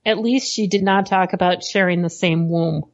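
A woman's voice: lowish voice, steady tone, normal speed. Thoughtful woman reasoning aloud, dull audio. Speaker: podcast co-host. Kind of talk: casual book discussion.

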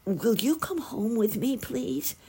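A woman's voice: sits low, huge pitch swings, slow, gravelly, mellow, slightly rough, pitched above the performer's own voice, exaggerated voice. A woman voicing an anxious, timid male sparrow who stammers and frets, in a storybook reading. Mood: pleading. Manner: worried, stammering, sniffly.

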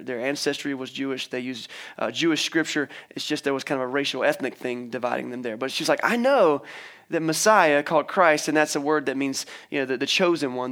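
A man's voice: medium pitch, fairly bright tone. A young man preaching a casual sermon, retelling a scripture story in a conversational way and acting out the characters' lines. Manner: conversational, acts out the characters' lines with playful voices. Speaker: pastor.

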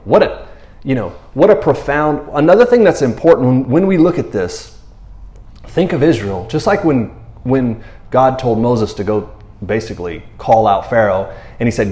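A man's voice: mid-range voice, moderate pace, reverberant. A man preaching a sermon in a casual, slangy way, acting out the people in the story with changing voices. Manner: animated, slangy, acts out quotes in character voices. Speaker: pastor.

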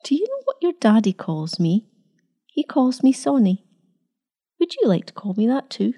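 A young wife with a husky, half-whispered voice, tender and unsure of herself, as a woman puts her on. She speaks higher than the reader's own voice, with a soft, mellow tone. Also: huge pitch swings, normal speed, full character voice. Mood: gentle.

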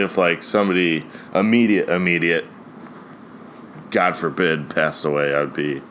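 A man's voice: low-pitched, a bit bright, a little hiss or hum. A man in his mid-twenties from Ohio, hosting a casual solo podcast, rambling with lots of "like" and "dude", swearing and laughing often. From Ohio, USA. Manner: frequent fillers "like" and "dude". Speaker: podcast host.

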